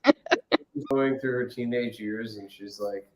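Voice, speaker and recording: A man's voice: mid-range voice, takes it slowly, echoey room, low-quality recording. A man guesting on a livestream, cracking wry jokes in casual chat. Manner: wry, joking. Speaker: guest musician.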